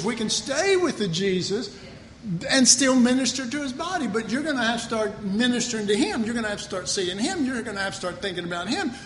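A man preaching a sermon, animated and emphatic, reading scripture aloud between lively asides. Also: a little hiss or hum. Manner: animated, emphatic, rising pitch on key points. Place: church hall. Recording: reverberant hall with faint ambience.

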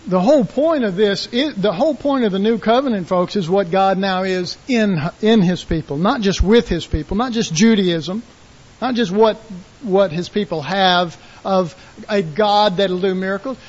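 A man preaching a sermon in a folksy, animated way, acting out quotes and shouting call-and-response lines. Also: high voice, moderate pace, lo-fi sound.

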